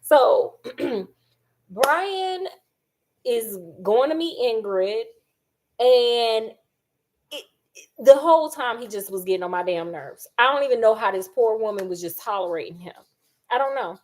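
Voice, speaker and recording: Woman vlogger, high voice, animated and sassy, casual kitchen chat. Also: a little slow, pauses often. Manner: animated and sassy, acts out quotes. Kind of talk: casual chat while cooking.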